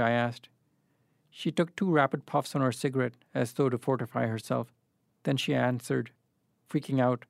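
A man reads literary fiction aloud. His narration is measured and even, at a middle pitch. The recording is dry and close. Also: creaky, no echo. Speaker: reader.

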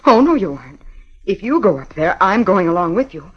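A nervous young wife, breathy, stammering, 1950s radio play, muffled lo-fi sound. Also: female voice, mid-range voice, big pitch swings, fairly quick. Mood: frightened. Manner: anxious, pleading, stammering. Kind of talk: 1950s radio drama acting. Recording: dull 1950 radio recording.

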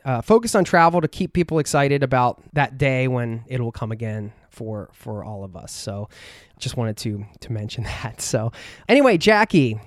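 Male podcast host, earnest and rambling, smooth clear tone, dry sound. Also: mid-range voice, big pitch swings, moderate pace, dry recording. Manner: earnest, rambling with many fillers. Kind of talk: heartfelt podcast intro and interview.

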